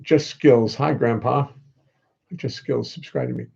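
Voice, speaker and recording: Gravelly older man, wry rambling chat. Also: medium pitch, measured pace, a little mellow, muffled recording. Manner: wry, joking, meandering. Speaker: musician hosting a live stream.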